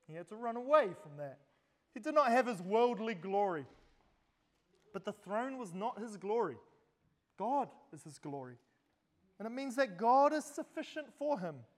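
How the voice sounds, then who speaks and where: A man's voice: very high-pitched, expressive, a little slow, long pauses. A man preaching a sermon, speaking straight to the congregation and posing rhetorical questions. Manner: addresses listeners directly with rhetorical questions. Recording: long hall reverb.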